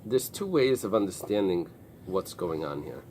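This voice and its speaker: Low-voiced rabbi teaching Talmud, halting. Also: male voice, big pitch swings, darkish tone, slight background noise. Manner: explains in halting restarts with many fillers. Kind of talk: early-morning Talmud class. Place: synagogue study room with a small group.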